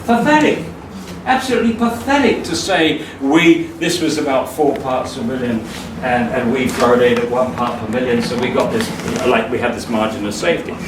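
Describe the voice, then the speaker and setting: A man's voice: medium pitch, a little fast, hardly any pauses. Emphatic man lecturing in an echoey hall. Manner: emphatic, scornful, laughs at his own jokes. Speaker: speaker. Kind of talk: public lecture. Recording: echoey hall from far off, noisy.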